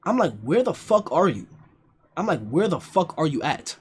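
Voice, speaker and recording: A young man with a husky, high voice tells a story on a livestream. His pitch swings all over as he talks. He is profane and keeps repeating lines to drive a point home. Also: very animated, moderate pace. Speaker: streamer.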